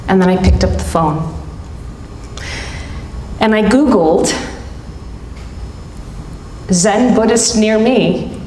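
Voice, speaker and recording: A middle-aged woman telling a personal story live on stage, with dramatic pauses between short phrases. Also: mid-range voice, dark tone, slight background noise. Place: stage at a live event hall. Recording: roomy hall reverb.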